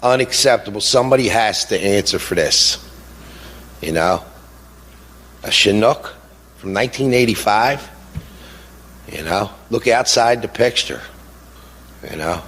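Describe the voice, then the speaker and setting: A middle-aged man speaking as a grieving father in an impassioned speech, halting with fillers at times and indignant at others. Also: fairly low pitch, lively intonation, a bit bright, slightly rough. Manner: indignant, rising to heated outbursts. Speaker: grieving father giving a talk.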